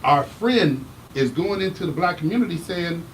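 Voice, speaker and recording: A man hosting a casual talk show, animated and emphatic, teasing his guest. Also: on the high side, moderate pace, slight background noise, low-quality recording. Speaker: host. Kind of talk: casual chat.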